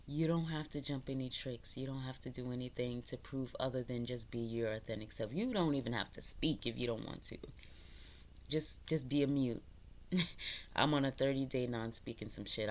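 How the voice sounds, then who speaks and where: A woman with a low voice gives a casual spiritual pep talk to her viewers. She swears constantly, laughs a lot and preaches self-worth in a loose, streetwise way. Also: normal speed, a little hiss or hum. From New York, the Bronx. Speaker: spiritual vlogger.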